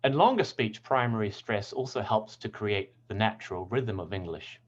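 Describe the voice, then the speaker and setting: A man teaching English pronunciation in a scripted lesson, speaking clearly and deliberately and stressing example words. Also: on the low side, lo-fi sound.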